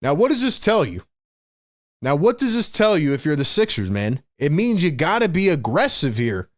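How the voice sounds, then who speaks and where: Fan guy doing live play-by-play, voice jumps high on big plays, mutters when they miss. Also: moderate pace, no room sound, clean studio sound. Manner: excitable, frustrated, slangy fan talk. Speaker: host and play-by-play commentator. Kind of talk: fan livestream play-by-play commentary.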